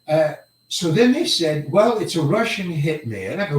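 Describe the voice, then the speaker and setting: Older man, actor interviewee, rambling halting anecdotes, chuckles, slightly high voice, roomy echo. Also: big pitch swings. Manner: rambling, halting, repeats words, chuckles often. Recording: roomy echo, mic set far away.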